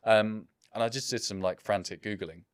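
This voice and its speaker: Reflective low-voiced man, dry sound. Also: moderate pace, clear, resonant tone, dry recording. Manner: reflective, self-deprecating, with restarts. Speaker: business founder guest. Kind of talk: casual interview chat.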